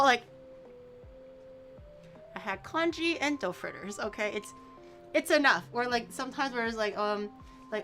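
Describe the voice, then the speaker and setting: A woman's voice: fairly high pitch, normal speed, pauses often, pushed and bright, faint music behind. A woman streamer chatting casually while cooking, playful and teasing, stretching out words to poke fun at pronunciations.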